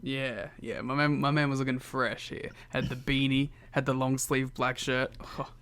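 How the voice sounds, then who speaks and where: A man's voice: medium pitch, flat delivery, normal speed, a bit bright, clean tone, no room sound. A man co-hosting a podcast, chiming in with playful, jokey asides. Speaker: podcast co-host. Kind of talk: casual chat.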